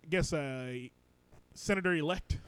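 A man hosting a casual comedy podcast in a studio, animated and quick to laugh, with crude jokes. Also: a little high, clear, resonant tone, no room sound. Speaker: podcast host.

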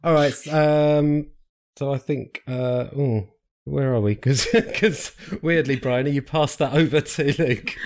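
A man's voice: mid-range voice, steady tone, unhurried, a little mellow. Playful male quiz host. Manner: laughing, playful quizmaster. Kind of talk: casual podcast quiz.

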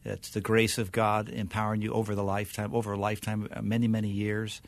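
Older minister telling stories, dry studio. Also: male voice, on the low side, level tone, quick pace, gravelly, no echo. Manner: storytelling, chuckles, restarts often. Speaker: guest minister. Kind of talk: casual interview conversation.

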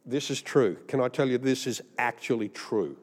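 With a mid-range voice at a moderate pace, a male pastor speaking in an Australian accent delivers a humorous sermon built on stories. He wanders through jokes, laughs at his own punchlines, and echoes with a long hall reverb.

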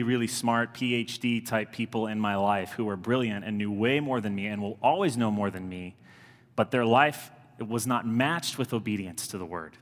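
A man in his thirties preaching a sermon in an earnest, conversational way, repeating key lines for emphasis. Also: lowish voice. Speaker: pastor. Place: church sanctuary. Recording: long reverb of a large church.

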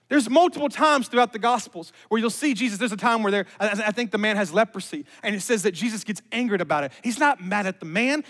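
A man's voice: extremely high pitch, expressive, quick pace, fairly bright tone, in a large hall. A male pastor giving a conversational sermon, emphatic and repeating his key phrases with chatty asides.

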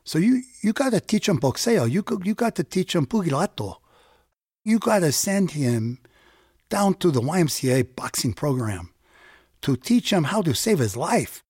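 A man's voice: fairly high pitch, sing-song, moderate pace, darkish tone, breathy edge, no echo, clean studio sound, pitched above the performer's own voice, heavily acted. A man voicing a burly, caring neighbor with a Chicano accent, repeating himself in stammering bursts of urgent insistence. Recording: music bed underneath.

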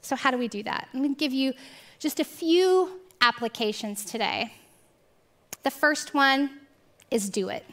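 A woman giving a heartfelt devotional talk, telling a story earnestly and sometimes dropping to hushed tones. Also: sits high, a little slow, pauses often. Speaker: Christian speaker.

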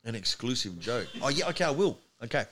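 A comedian telling animated stories as a podcast guest in a studio. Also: male voice, medium pitch, fast talker. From Australia. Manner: animated anecdote teller. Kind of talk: storytelling in podcast chat.

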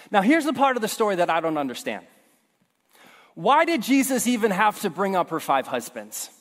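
A man's voice: high-pitched, big pitch swings, normal speed, fairly bright tone. A young man preaching a sermon, telling stories and acting out voices with humorous asides. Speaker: pastor. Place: church hall. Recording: long hall reverb.

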